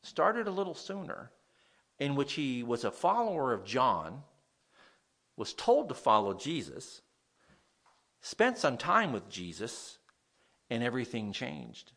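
Lively, animated male preacher. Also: mid-range voice, measured pace, pauses often. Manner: animated, conversational, asks the audience questions. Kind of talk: sermon.

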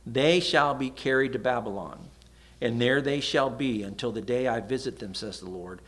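Middle-aged guy preaching, animated and dramatic, goes quiet for asides, mid-pitch voice. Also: normal speed. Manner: animated, dramatic storytelling with sudden soft asides. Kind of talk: sermon.

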